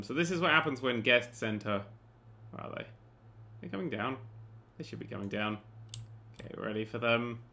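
A man narrates his own gameplay in a bright, sharp voice. He bursts into laughter and swears freely. He talks into a desk mic. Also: fairly low pitch, slight background noise. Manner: excitable, laughs and swears often. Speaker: gaming channel host. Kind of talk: let's play commentary.

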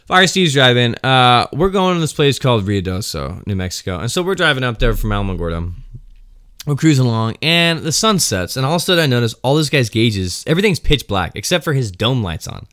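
Animated young man telling stories. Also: mid-range voice, brisk, dry recording, studio quality. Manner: animated, rambling, wry. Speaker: firefighter storyteller. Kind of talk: casual storytelling vlog.

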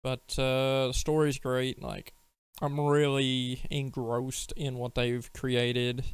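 Blunt man with a smooth voice. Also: mid-range voice, little pitch movement, slow pace, no room sound. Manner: blunt, offhand gamer talk. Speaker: podcast co-host. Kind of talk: casual chat.

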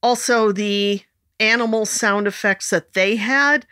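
Slow-talking woman with a bright voice co-hosting a music podcast, dry sound. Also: medium pitch, no room sound. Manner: unhurried, laughs often. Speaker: podcast co-host. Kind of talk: casual music podcast chat.

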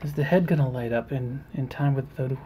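A man's voice: medium pitch, dark tone, a little hiss or hum. Hesitant man showing a homemade gadget. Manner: halting, many pauses and fillers. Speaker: hobbyist maker. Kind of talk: casual demonstration.

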